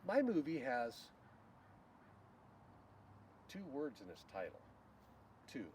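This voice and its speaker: Lively slow-talking man teaching children. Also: medium pitch. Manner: slow, animated, leads shouted call-and-response. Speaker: children's Bible school leader. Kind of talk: teaching a game to children on video. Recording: distant mic with faint noise.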